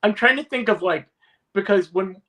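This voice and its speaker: A guest on a podcast chatting casually in an animated way, who keeps slipping into mock voices and accents. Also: mid-range voice, normal speed. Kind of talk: casual chat.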